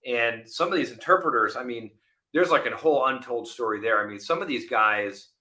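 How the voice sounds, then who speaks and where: Forties male guest, bright tone, lively anecdotal storyteller in a relaxed interview. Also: medium pitch, a little fast. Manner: animated storyteller, acts out voices in anecdotes. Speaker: podcast guest, former Navy SEAL officer. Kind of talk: casual interview chat.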